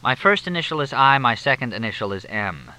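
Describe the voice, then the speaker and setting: Man voicing a wisecracking male journalist, glib, deadpan, bright voice, lively pitch, audiobook. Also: a little fast, low-quality recording. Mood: wry.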